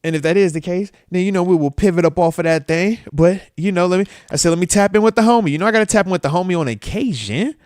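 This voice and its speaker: A man in his thirties hosts a late-night football livestream in a loose, slangy, animated way. His pitch sits a little high for a man and swings widely. He talks close to a dry microphone that catches his breaths. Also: quick pace, hardly any pauses, no echo. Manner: animated, with playful asides. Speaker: host of a football talk livestream. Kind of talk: casual live-stream chat. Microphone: close microphone that picks up breaths.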